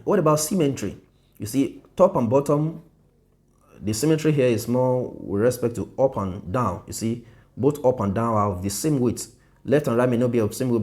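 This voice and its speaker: A man with a fairly low voice walks through a design lesson on screen. He repeats points and keeps checking in with "okay" and "you see", in a patient teaching tone. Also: a little mellow. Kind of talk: screen-share tutorial.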